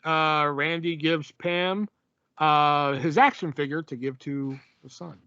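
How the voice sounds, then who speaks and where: Guy on a podcast, bright voice, dry dull mic, kinda rambly. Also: fairly high pitch, steady tone, takes it slowly, smooth, no room sound. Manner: laid-back, lots of fillers and laughs. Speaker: podcast co-host recapping a film. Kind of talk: casual chat.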